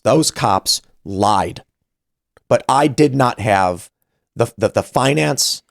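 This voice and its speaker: A man's voice: lowish voice, vocal fry, dry recording, studio quality. A man in his thirties hosting a podcast, telling a story casually and animatedly, acting out the voices he quotes. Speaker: podcast host.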